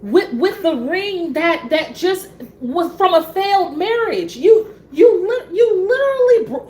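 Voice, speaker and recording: A woman's voice: high voice, a little hiss or hum, poor audio. Sassy, exasperated woman host. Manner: animated, exasperated, sassy with frequent fillers. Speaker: soap opera talk show host. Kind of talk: casual chat reacting to a soap opera.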